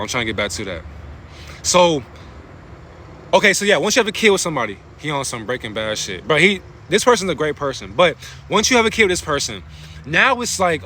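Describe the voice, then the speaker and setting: A man's voice: high-pitched, sharp tone, a little hiss or hum. A man on a livestream giving a spiritual talk, using casual slang, asking heated rhetorical questions and often stopping to thank his viewers. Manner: passionate, preachy rhetorical questions.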